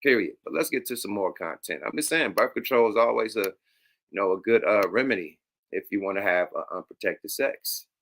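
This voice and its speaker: A man's voice: on the low side, brisk, vocal fry, a bit bright. A man hosting a casual reaction stream, talking bluntly and profanely and laughing often. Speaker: host reacting to clips.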